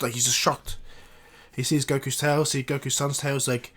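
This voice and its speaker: A man casually retelling a fan-made story, rambling along with frequent restarts and fillers. His voice sits mid-pitch for a man and stays fairly flat in tune. He sounds like a hobbyist narrating a what-if tale. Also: a little fast, slightly rough.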